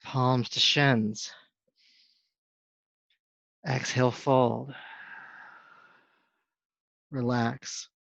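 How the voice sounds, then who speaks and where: A man teaching a yoga class, giving calm, steady cues with soft hums between poses. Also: medium pitch, very slow, creaky, long pauses, dry recording. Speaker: yoga instructor. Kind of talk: guided yoga class instruction. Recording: dull, dry sound.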